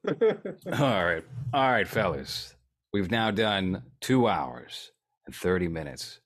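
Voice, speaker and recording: A man's voice: low-pitched, big pitch swings, slow, a bit bright. A man hosting a podcast in casual chat, dry and wry. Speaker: podcast host.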